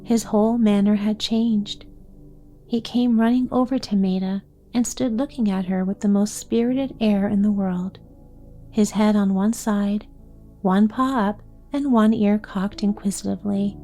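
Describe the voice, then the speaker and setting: A woman reading a chapter book aloud in a calm, gentle bedtime story reading. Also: medium pitch, unhurried, soft background music.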